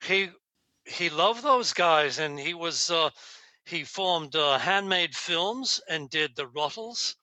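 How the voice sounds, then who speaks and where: A man's voice: a little high, expressive, slow pace, pushed and bright, dry recording, low-quality recording. A man in a time-traveling famous-musician persona, chatting casually on a podcast with rambling, laughing anecdotes.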